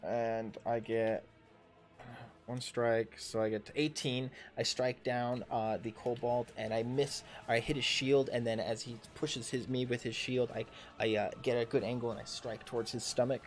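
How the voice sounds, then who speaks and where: A man in his thirties running a tabletop game as dungeon master, talking in a halting way with many fillers and restarts. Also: mid-range voice, little pitch movement. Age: 30s. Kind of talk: narrating a tabletop game livestream.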